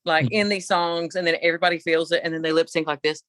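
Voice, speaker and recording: A middle-aged woman co-hosting a podcast, telling a story in an animated, opinionated casual chat. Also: fairly low pitch, fast talker, no echo. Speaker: podcast co-host.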